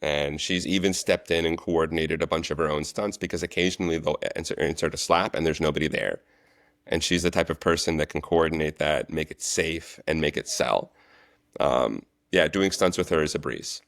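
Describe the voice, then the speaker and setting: Deep-voiced man, chatty storyteller. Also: fairly quick, dry recording, clean studio sound. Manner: animated storyteller, relaxed and chatty. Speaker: guest, actor and stunt coordinator. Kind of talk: casual interview chat.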